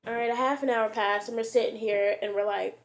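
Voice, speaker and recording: Woman vlogging, kinda high voice, rambling story w lots of "like" and slang. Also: steady tone, a little fast. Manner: rambling, full of "like" and "you know", slangy. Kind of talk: casual storytelling to camera.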